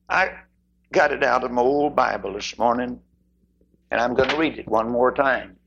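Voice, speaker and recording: A man preaching a sermon who moves emphatically between loud declarations and hushed asides. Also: medium pitch, moderate pace, vocal fry, husky.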